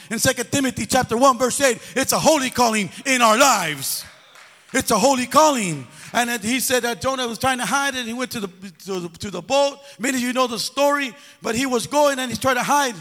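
Fiery male preacher with a very high, bright voice, call-and-response delivery, big echoing church hall. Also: brisk. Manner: call-and-response exhortation, breaking into sing-song. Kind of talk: sermon. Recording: long echo of a big hall.

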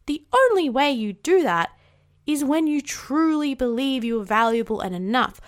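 A woman's voice: high-pitched, big pitch swings, moderate pace. An Australian woman hosting a casual solo podcast, bubbly and outspoken, swearing freely, with rising inflections at the ends of her sentences. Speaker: podcast host.

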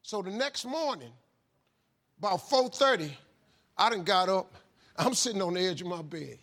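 A man delivers a motivational talk as a lively story, shouting and acting out phone conversations. His voice sits high for a man. It has a bright, forceful edge. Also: moderate pace, long pauses. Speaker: motivational speaker.

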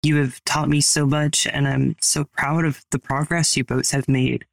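Gravelly, even-toned man interviewing. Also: mid-range voice, no echo. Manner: measured, carefully worded questions. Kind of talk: supportive interview questions.

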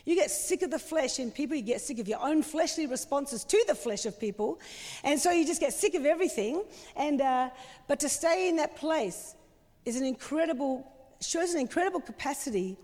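High-voiced woman preaching passionately. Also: lively intonation, normal speed, a little mellow, in a large hall. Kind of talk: sermon.

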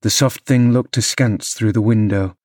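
A man narrating a classic novel as an audiobook, measured storytelling delivery. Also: on the low side, steady tone, darkish tone, no echo, clean studio sound. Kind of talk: scripted narration.

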